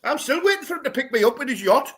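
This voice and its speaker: High-voiced man in laughing banter. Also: big pitch swings, racing, fairly bright tone. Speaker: co-host. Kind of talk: casual chat.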